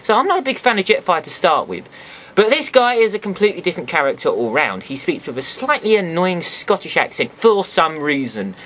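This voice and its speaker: A man's voice: high-pitched, very animated, fairly quick, a bit bright. A man chatting casually as he reviews a toy for his viewers, full of sarcastic asides.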